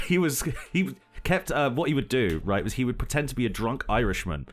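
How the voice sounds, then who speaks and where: A man's voice: medium pitch, sing-song, brisk, faint music behind. A young man co-hosting a podcast, telling a history story in casual chat and laughing often as he goes. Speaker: podcast co-host.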